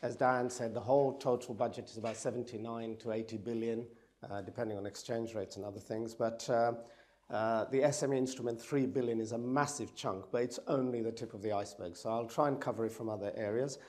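A man with a croaky, hoarse voice from a cold, giving a conference presentation and joking with the audience. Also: medium pitch, steady tone, a little fast, a little mellow. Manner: jokey, talks to the audience directly. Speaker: event speaker.

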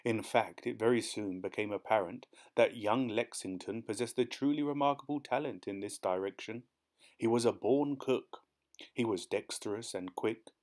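A man narrating an audiobook in a measured storytelling manner. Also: lowish voice, a little mellow.

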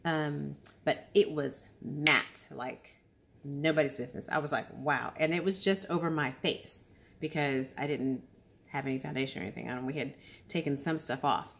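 A woman with a low, somewhat sleepy voice talks casually about makeup, hopping between thoughts with ums and restarts. She sounds worn out from a long stretch awake, and faint clicks sit behind her speech. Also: normal speed, vocal fry, a little hiss or hum. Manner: chatty, rambling, with many ums and restarts. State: tired after a long time awake. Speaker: beauty vlogger. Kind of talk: casual unboxing chat.

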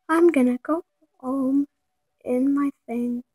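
A woman's voice: sits high, steady tone, moderate pace, warm tone, slightly rough, dry recording. A woman giving casual commentary over a video game, acting frightened, often dropping to whispers and gasping. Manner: acts scared, drops to whispers and gasps. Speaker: gameplay video host.

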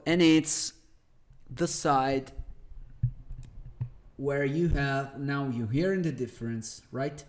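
A man with an Italian accent talks through a product demo at an unhurried, deliberate pace. He explains step by step and often restarts a phrase while he shows something. His voice sits at an ordinary middle pitch. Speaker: tech reviewer. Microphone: testing desk microphones.

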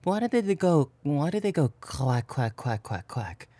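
A man's voice: a little high, big pitch swings, moderate pace, dark tone, no room sound. A man voicing a playful young boyfriend who rambles in a goofy, scatterbrained way and is out of breath, in a whispered role-play.

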